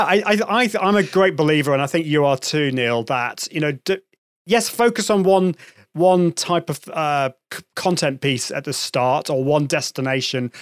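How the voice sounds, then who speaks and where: A talkative man hosts a live online show, with a voice a touch higher than most men. He rambles, restarts his sentences and slips in small laughs. The sound is dry and close. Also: clean tone, dry recording. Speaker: host. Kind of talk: live show interview chat.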